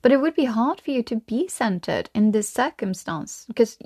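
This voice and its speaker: A young woman doing a casual tarot reading in a chatty, rambling way. Her voice sits somewhat high. She laughs often between thoughts. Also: sing-song, normal speed, darkish tone, slightly rough. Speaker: tarot reader.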